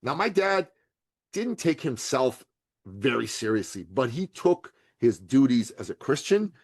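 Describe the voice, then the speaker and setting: A middle-aged man from Iran tells stories with lively swings of pitch, putting on the voices of the people in them and laughing along the way. His voice sits at a middle pitch and is recorded close and dry, with no room sound. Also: unhurried, husky, no room sound. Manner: lively storyteller, acts out voices of others, laughs often. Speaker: podcast guest, entrepreneur. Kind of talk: animated storytelling interview.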